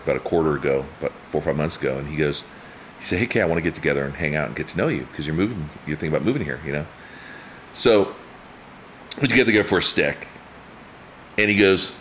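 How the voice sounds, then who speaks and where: A man in his fifties telling stories in a casual chat, acting out quotes and laughing often. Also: a little hiss or hum. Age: 50s. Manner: animated storyteller, acts out quotes with big pitch jumps, laughs often. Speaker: guest.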